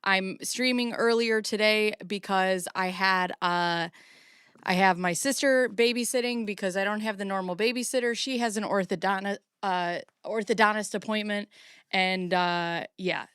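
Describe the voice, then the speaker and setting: Woman streamer in her forties, casual rambling chat, smooth clear voice, dry close sound. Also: medium pitch, a little slow, fairly bright tone, no room sound. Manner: rambling, chatty, self-deprecating. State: a little out of breath. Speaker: streamer host.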